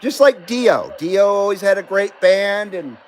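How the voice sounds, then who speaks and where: A man's voice: high-pitched, rough recording. A man hosting a casual live-stream about CB radio, chatting loosely, laughing often and reading viewer comments aloud. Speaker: CB radio livestream host.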